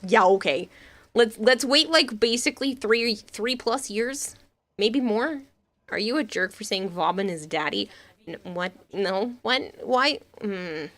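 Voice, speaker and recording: A woman chats casually on a live game stream and answers her chat as she goes. Her voice is bright and lively in tone. She rambles and laughs often. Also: medium pitch, unhurried.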